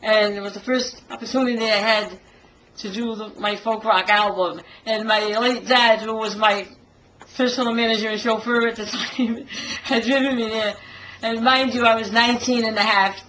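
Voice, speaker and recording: Older lady singer telling an old gig story in an interview, bright voice, acts out the quotes, laughs a lot. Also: a little high, steady tone, normal speed, a little hiss or hum, poor audio. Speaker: singer and tribute artist to a famous singer.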